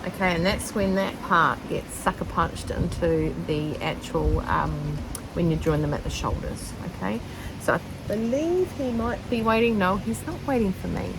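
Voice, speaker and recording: This sewing vlogger, a middle-aged New Zealander, talks casually from a shaded deck outdoors, meandering along with plenty of ums and self-deprecating jokes. Her lowish voice is gravelly and moves at normal speed against a noisy background.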